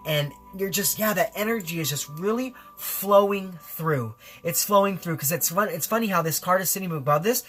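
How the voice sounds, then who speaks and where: A man's voice: high-pitched, moderate pace, hardly any pauses, fairly bright tone, soft background music. A man giving a spiritual tarot reading in an effusive, rambling way, full of fillers and repeated phrases. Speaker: tarot reader.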